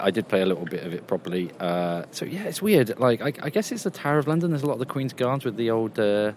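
A fairly low male voice, slightly noisy in the background, chats his way through a casual report from a games convention. He rambles with plenty of fillers, standing in a calmer outdoor area of the event.

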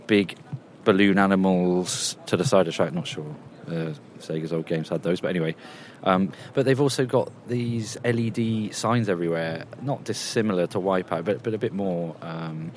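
There's a faint hiss or hum under this man's low, slightly mellow voice. Chatty and rambling, full of fillers, he reports casually from a quieter outdoor area at a games convention.

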